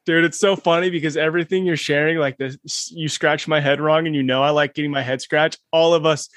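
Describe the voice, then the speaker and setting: A man hosting a podcast in casual chat, relaxed and laughing along, saying dude. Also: on the high side, a little fast, no echo, studio quality. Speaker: podcast host.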